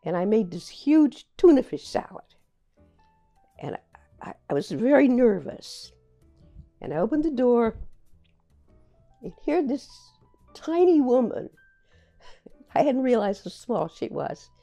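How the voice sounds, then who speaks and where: Older woman, playwright, reflective storyteller: halting and full of repeats, fairly high and animated, mellow tone. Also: soft background music. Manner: halting, repeats words and restarts while remembering. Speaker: playwright recalling her career.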